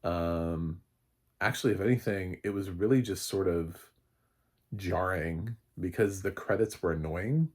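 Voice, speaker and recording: A man's voice: low-pitched, a little slow. A man, a film critic, giving a casual spoken review, rambling with many fillers and restarts, and swearing now and then.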